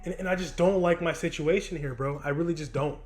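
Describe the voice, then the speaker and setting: A man's voice: a little high, fast talker, darkish tone, faint music behind. Frustrated 20-year-old man venting on a handheld mic. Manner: frustrated, rambling, heavy swearing with many restarts. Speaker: vlogger telling a story. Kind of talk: casual storytime monologue. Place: home recording studio. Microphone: handheld microphone.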